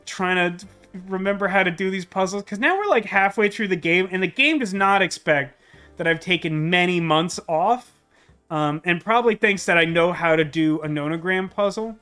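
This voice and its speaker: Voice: mid-range voice, sharp tone, clear, resonant tone. A streamer chatting casually and self-deprecatingly while playing a puzzle game, with many fillers. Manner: rambling, self-deprecating, lots of "like". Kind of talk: casual let's-play commentary.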